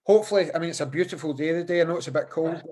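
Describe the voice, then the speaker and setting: A man's voice: a little high, racing, a little mellow. A man hosting a podcast interview over a video call, chatty and often repeating words as he thinks. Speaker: podcast host.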